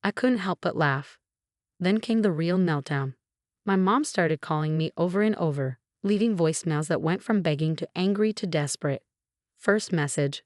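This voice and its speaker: A woman narrating a story in a measured, even way. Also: fairly low pitch, dry recording, studio quality.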